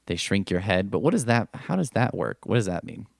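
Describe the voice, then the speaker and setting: Low-voiced man rambling about comics. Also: big pitch swings, brisk, gravelly, no echo, clean studio sound. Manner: rambling, profane, full of asides. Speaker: podcast host. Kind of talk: casual comic book commentary.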